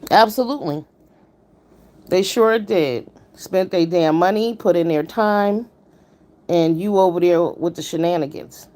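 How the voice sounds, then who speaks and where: Woman, live stream host, blunt, emphatic, swears freely, mid pitch, casual commentary. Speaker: livestream commentator.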